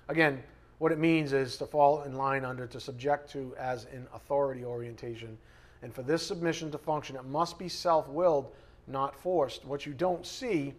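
A male pastor delivering a sermon to his congregation in a conversational way, pressing hard on key words and then dropping into soft, quiet asides. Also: on the high side. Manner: conversational, emphatic preaching, swings between loud stresses and soft asides.

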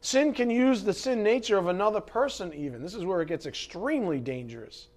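A man preaching a sermon, dramatic, swinging from loud emphasis to hushed asides. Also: high voice, animated, a little fast. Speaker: pastor.

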